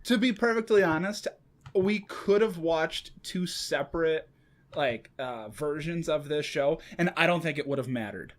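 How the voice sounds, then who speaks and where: A man's voice: a little high, a little slow. A man co-hosting a podcast, chatting casually in dry, joking banter with frequent restarts. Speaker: podcast co-host. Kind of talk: casual chat.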